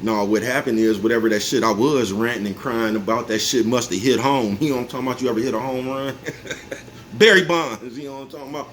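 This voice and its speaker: A man's voice: mid-range voice, fairly even intonation, quick pace. A man in his forties talking to his viewers in a casual, rambling monologue, laughing to himself and often asking whether they follow him. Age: 40s. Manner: laid-back, repeats "you know what I'm talking about", chuckles often. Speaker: vlogger. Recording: faint background noise.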